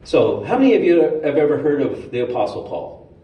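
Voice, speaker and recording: Lively storytelling man in an echoey hall. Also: fairly high pitch, a little fast, lo-fi sound. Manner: animated, humorous storytelling. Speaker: speaker at a spiritual center. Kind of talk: storytelling sermon. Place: hall of a spiritual center. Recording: roomy hall, distant mic, faint noise.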